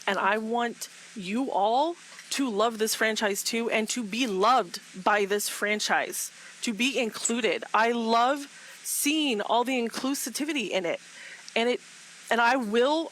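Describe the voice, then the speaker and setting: A woman's voice: fairly high pitch, moderate pace, a bit bright, slight background noise, low-quality recording. A woman speaking with passion in a casual group talk, repeating herself and laughing often. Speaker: guest speaker in a live fan discussion.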